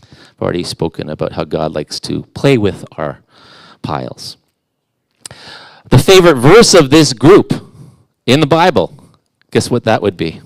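A man's voice: medium pitch, very animated, unhurried, pauses often, no echo. A middle-aged man preaching a conversational sermon as a guest in church, casual and self-deprecating, with playful asides.

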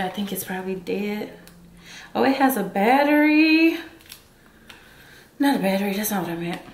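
A woman's voice: medium pitch, reverberant, noisy background. A woman vlogging in a casual, chatty way, talking straight to her viewers and laughing often. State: out of breath. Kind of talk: casual vlog chat. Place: inside a car.

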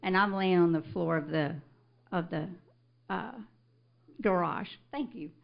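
An older woman, a grandmother, telling a congregation her testimony, animated and breaking into loud declarations of scripture. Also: lowish voice, a little slow, creaky, highs cut off. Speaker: church member giving a testimony. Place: church service.

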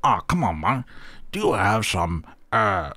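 A man's voice: fairly low pitch, very animated, unhurried, bright, forceful tone, no echo, soft background music, heavily acted. A man voicing a bumbling fake Frenchman in a put-on French accent, talking in broken, boastful English. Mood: excited. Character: bumbling fake Frenchman, adult male, eager. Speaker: gamer voicing a player character. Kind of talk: improvised role-play over gameplay.

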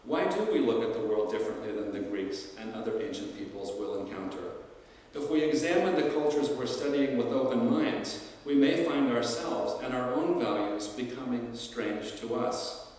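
A man's voice: medium pitch, normal speed, darkish tone. Lecturing man in an echoey hall. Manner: thoughtful, many fillers and restarts. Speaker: professor of classics. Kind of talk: lecture to alumni. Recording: roomy hall, distant mic.

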